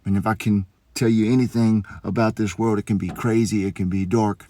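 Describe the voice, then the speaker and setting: A police officer speaking in a heartfelt storytelling monologue, earnest and encouraging. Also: male voice, fairly low pitch, steady tone, brisk, dark tone.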